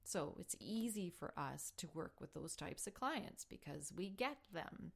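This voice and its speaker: A woman hosting a spiritual healing show, telling a personal story in an earnest, heartfelt way, sometimes dropping to a soft whisper. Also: fairly low pitch, lively intonation, unhurried, gravelly. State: emotional while telling the story. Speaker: spiritual healing podcast host.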